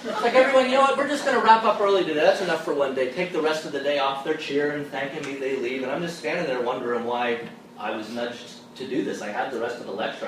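A man giving an animated storytelling talk as a theology lecturer, often dropping low and soft when he acts out the people he quotes. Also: heavy reverb. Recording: distant mic, noisy live room.

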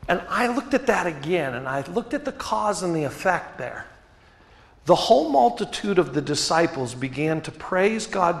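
A man preaching a sermon as pastor, asking rhetorical questions and dropping to quiet emphasis. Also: fairly high pitch, creaky. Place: church sanctuary. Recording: echoey hall reverb.

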